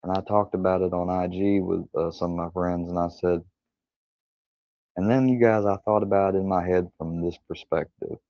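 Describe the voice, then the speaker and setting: Gravelly deep-voiced man telling stories. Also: fairly even intonation, moderate pace, no echo. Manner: rambling, profane, retells dialogue with quoted voices. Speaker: streamer. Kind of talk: casual storytelling livestream. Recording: dull lo-fi stream audio.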